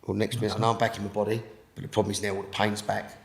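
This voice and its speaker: A man with a British accent giving an emotional personal testimony in an interview, halting and repeating words, sinking to a hush at the most intense moments. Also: lowish voice, level tone, creaky, reverberant. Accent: British English. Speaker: interviewee telling his testimony.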